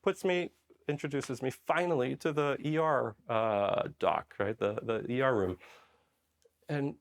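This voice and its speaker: A man's voice: mid-range voice, measured pace. A middle-aged man from Poland, a former army medic, telling stories in a conversational interview style, often checking in with "right?". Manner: conversational, frequent "right?" and "you know" tags. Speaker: guest, army special forces medic. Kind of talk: interview storytelling.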